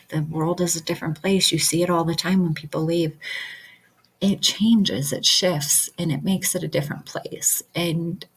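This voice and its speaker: A woman's voice: low-pitched, darkish tone, slightly rough, low-quality recording. A woman hypnosis practitioner talking earnestly to her viewers, with many fillers and repeated affirmations. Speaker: QHHT practitioner. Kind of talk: casual talk to camera.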